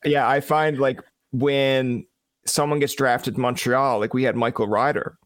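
A man's voice: mid-range voice, fairly even intonation, normal speed, no echo. Man, podcast host, chatty, dry close sound. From Newfoundland. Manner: chatty, with many likes and hedges. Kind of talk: casual podcast chat.

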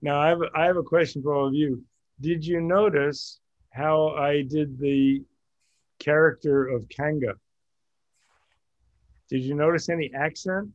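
Slow-talking man with muffled dry sound. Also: a little high, fairly even intonation, no echo. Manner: halting, self-correcting, laughs often. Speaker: discussion group host. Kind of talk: casual group discussion.

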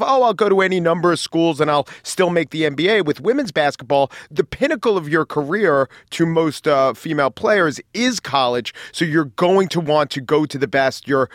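Higher-voiced man asking long questions. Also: a bit bright, no room sound, studio quality. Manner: long, thoughtful questions laid out step by step. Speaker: podcast co-host. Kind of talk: casual podcast interview.

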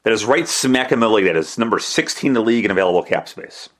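Man, somewhat low voice, solo sports podcast host, chatty, rambling, casual commentary. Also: expressive, fast talker. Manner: chatty, rambling, with restarts and self-deprecating asides.

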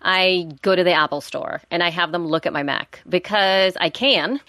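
Lower-voiced casual woman co-host. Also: moderate pace, sharp tone, no room sound. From North Carolina, US. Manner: loose, filler-heavy talk. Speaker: podcast co-host. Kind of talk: casual chat.

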